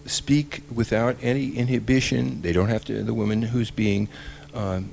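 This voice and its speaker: A man guest expert explaining tantra in earnest, halting speech with many fillers. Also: medium pitch, steady tone, vocal fry, a little mellow, a little hiss or hum.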